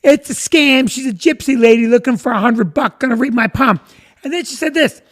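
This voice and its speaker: A man's voice: very high-pitched, expressive, normal speed, a bit bright. A middle-aged man, a comedian telling stories to viewers on a live stream, rambling and stopping to greet people by name. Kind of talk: casual storytelling to viewers.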